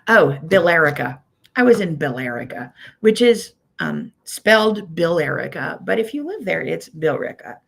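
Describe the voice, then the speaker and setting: A quilting teacher from Pittsburgh, USA hosts a casual weekly livestream, chatty and rambling, with lots of "um"s, greeting viewers by name in a Pittsburgh accent. Her voice is mid-range and creaky with a breathy edge.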